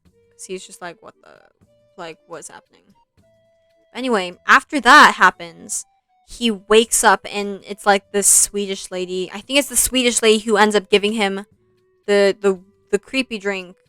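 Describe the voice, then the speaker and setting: Bright-voiced young woman streamer rambling. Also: mid-range voice, moderate pace, clear, resonant tone, no echo, soft background music. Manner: rambling, easily sidetracked, animated retelling. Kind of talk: casual storytelling while streaming.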